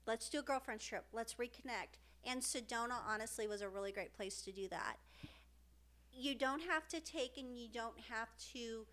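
A woman's voice: on the high side, a bit bright. Earnest, emotional middle-aged woman. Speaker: podcast co-host. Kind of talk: casual heartfelt podcast chat.

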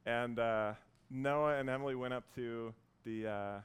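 A man in his thirties preaching a sermon, earnest and warm as he tells a story, with frequent restarts. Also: mid-range voice, steady tone, measured pace, clear, resonant tone. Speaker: pastor.

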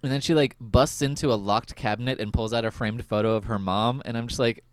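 A young man hosting a podcast, recapping an episode in casual chat, laughing often and filling pauses with "um" and "like". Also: mid-range voice, dry recording. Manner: laughs often, goofy and animated, lots of fillers. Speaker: podcast host.

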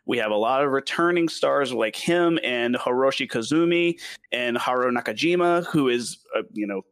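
A man with a Southern US accent talking through a film in a casual review chat, lively and quick to laugh. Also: mid-range voice, no room sound. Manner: animated, laughs often, stumbles over names.

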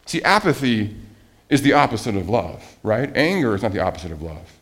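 A pastor preaches an animated sermon in a lowish voice, talking a little fast. He poses rhetorical questions and swings between loud emphasis and quiet asides.

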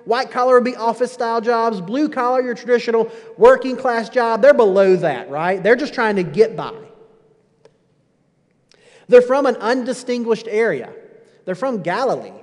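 A man preaching a sermon, emphatic and full of rhetorical questions, often dropping low at the ends of phrases. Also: animated, moderate pace. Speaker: pastor. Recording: long hall reverb.

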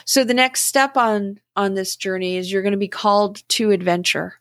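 A middle-aged woman hosting a podcast, speaking in a slow, gentle and contemplative way about spiritual growth. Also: medium pitch, dry recording, clean studio sound. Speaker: podcast host. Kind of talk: reflective spiritual talk.

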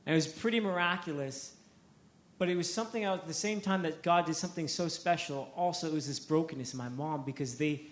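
A man's voice: on the high side, reverberant, a little hiss or hum. A man preaching a sermon, telling a story with energy, repeating words and acting out the quotes.

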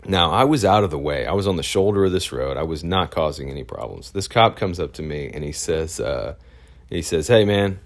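Deep-voiced man rambling through a story. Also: lively intonation, fairly quick. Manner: rambling, with many fillers and restarts. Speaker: photojournalist. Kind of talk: casual storytelling.

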